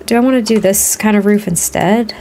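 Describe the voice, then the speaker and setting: A woman with a Boston accent talks through a home build in a life-sim game, frank and chatty as she thinks out loud. Her voice sits at an ordinary middle pitch, and the tone is a relaxed streamer's running commentary. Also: slight background noise. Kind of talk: casual gaming commentary while building.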